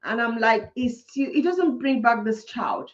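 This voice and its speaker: A woman speaks in a high voice, indignant and insistent as she rants like a teacher with a grievance. She repeats herself for emphasis. The recording sounds muffled and lo-fi. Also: expressive, measured pace. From Nigeria. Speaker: teacher and vlogger. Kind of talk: impassioned commentary. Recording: dull lo-fi recording.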